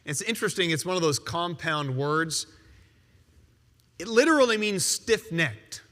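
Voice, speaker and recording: A male pastor preaching a sermon in a conversational, emphatic way, with quick rebuttals. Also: a little high, expressive, sharp tone, in a large hall.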